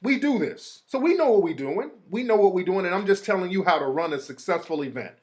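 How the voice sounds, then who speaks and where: A man's voice: high-pitched, animated, fast, a little mellow. A man hosting a show, talking casually in streetwise slang, mimicking other people as he makes his point. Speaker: host. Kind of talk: casual monologue.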